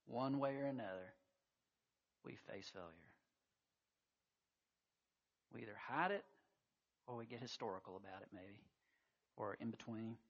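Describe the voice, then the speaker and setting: A man's voice: medium pitch, lo-fi sound. A man preaching a sermon, telling a scripture story with emphatic surges of intensity. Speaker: pastor.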